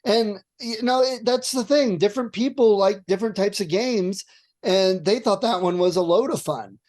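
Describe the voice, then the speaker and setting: A man co-hosting a podcast, telling game-night stories in a lively, animated way and laughing as he goes. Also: high-pitched, moderate pace. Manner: animated storyteller, acts out lines with laughs. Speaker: podcast co-host. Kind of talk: casual chat.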